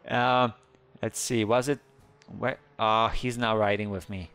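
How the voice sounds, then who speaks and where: A man giving excited, playful game commentary who squeals up high whenever he panics. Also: unhurried, clear, resonant tone, no echo. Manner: squeals high when panicked, playful kid-friendly banter. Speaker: gaming YouTuber.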